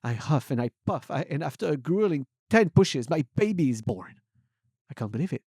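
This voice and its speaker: A man's voice: mid-range voice, brisk, no echo, studio quality. Man melodramatically reading a silly story. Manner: melodramatic, swings between hushed and loud. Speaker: streamer reading fan fiction aloud. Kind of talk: comedic dramatic reading.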